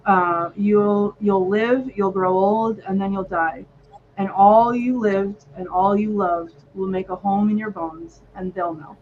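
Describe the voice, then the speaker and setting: A woman's voice: mid-range voice, fairly even intonation, a little slow. A woman co-hosting a casual chat, gushing and rambling with many "um"s. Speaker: podcast co-host. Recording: slightly muffled with faint noise.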